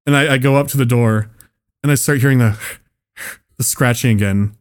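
A man on a relaxed comedy podcast spins out a story in loose, rambling sentences. He stops and restarts often, laughs through his own lines, and swears freely, in an easy middle pitch. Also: moderate pace, clean tone. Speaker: podcast co-host.

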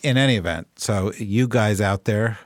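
A man's voice: lowish voice, moderate pace, no room sound. A man hosting a political podcast in casual chat, wry and joking, rambling through his points. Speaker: podcast host.

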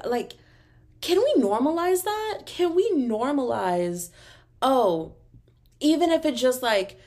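A young adult woman from Texas with a Texan accent, hosting a podcast in a casual, animated solo rant full of fillers. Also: fairly high pitch. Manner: animated, exasperated, talks fast with many fillers. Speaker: podcast host.

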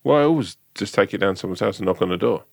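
Deep-voiced man, rambling and jokey. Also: expressive, rapid-fire, gravelly, no room sound, clean studio sound. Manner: rambling, jokey storytelling with swearing. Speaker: podcast co-host. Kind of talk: casual chat.

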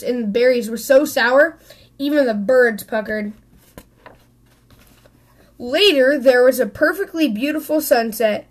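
A woman reads a children's picture book aloud in a high, expressive voice. Now and then she stumbles and repeats a word, then carries on. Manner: expressive, with small slips and restarts. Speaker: storybook reader.

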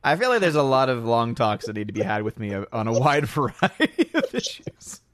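A man's voice: mid-range voice, big pitch swings, fairly quick, fairly bright tone, no room sound, clean studio sound. A man hosting a casual podcast, reading out chat comments, rambling and laughing often.

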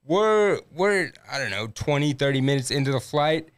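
A man's voice: medium pitch, animated, moderate pace, clear, resonant tone. A young man, a podcast guest, telling a crude comedic story and laughing through it. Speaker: podcast guest, former Paralympic athlete.

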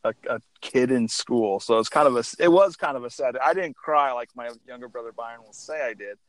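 A man's voice: mid-range voice, a little fast, dry recording, rough recording. A man in his thirties talks casually on a podcast and laughs at his own expense. His voice sits in a middle register. The recording is dry and close. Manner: self-deprecating, laughing easily. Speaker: podcast co-host. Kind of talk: casual chat.

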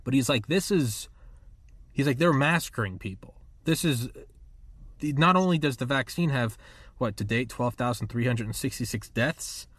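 A man in his thirties hosting a podcast, rambling and animated as he acts out quotes in casual chat. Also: mid-range voice, normal speed, no echo. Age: 30s. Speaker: podcast host.

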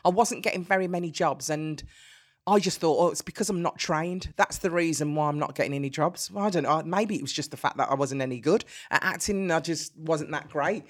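A middle-aged woman with a Birmingham accent, a guest telling lively stories in an interview and laughing easily. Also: low-pitched, a little fast. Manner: animated storyteller, laughs easily. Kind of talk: conversational interview.

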